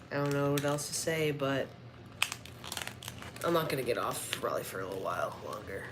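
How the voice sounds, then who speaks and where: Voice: medium pitch, animated, a little fast, pauses often. A streamer chatting casually on a livestream while playing with action figures, rambling and trailing off. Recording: noisy background.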